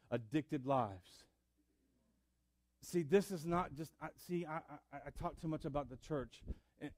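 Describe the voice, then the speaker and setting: A man preaching a sermon in church, building up to loud fervor. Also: a little high, no echo. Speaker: pastor. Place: church sanctuary.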